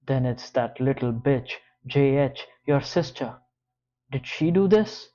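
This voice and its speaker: A man reading an audiobook, voicing a volatile, abusive grown man who snarls and shouts profanities. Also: mid-range voice, animated, takes it slowly, muffled recording. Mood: furious.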